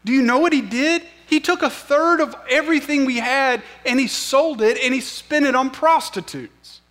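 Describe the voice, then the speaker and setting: A resentful grown son in an indignant outburst, as a preacher plays him. His voice climbs high and strained as he fires off exasperated questions about fairness. The pitch sits well above a man's usual speaking voice. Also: normal speed, fairly bright tone. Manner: exasperated, rising rhetorical questions.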